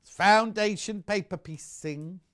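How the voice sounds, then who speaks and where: A man's voice: high-pitched, slow pace, fairly bright tone. A British man presenting live on a shopping channel, chatty and rambling as he sells sewing goods. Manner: chatty, rambling, reads out viewer messages.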